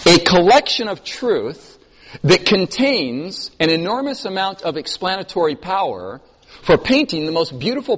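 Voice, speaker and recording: A man preaching a sermon to a congregation, telling stories expressively and moving between emphatic and soft delivery. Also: fairly high pitch, breathy edge. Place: church hall. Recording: long hall reverb.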